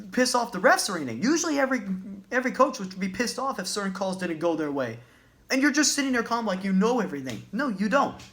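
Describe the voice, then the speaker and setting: A man's voice: very high-pitched, a bit bright. A man ranting as a basketball fan in a vlog, agitated, profane and repeating himself. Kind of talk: sports rant vlog.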